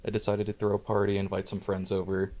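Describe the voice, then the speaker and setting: A man telling a casual story on a podcast, laughing often, swearing and loudly acting out quotes. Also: fairly low pitch, monotone, fast. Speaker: podcast guest. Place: living room in a house.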